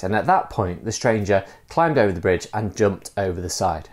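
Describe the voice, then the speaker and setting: A man preaches a teaching talk, his pitch rising and falling with lively movement. He speaks conversationally, dropping fillers as he works through a fable. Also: normal speed, hardly any pauses. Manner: conversational, animated storytelling with frequent fillers. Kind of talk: sermon with storytelling.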